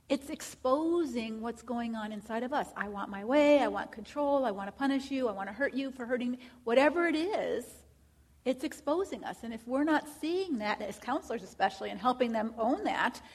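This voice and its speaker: A woman teaching counseling students, asking rhetorical questions and acting out what clients say. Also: sits high. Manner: asks many rhetorical questions, acts out clients.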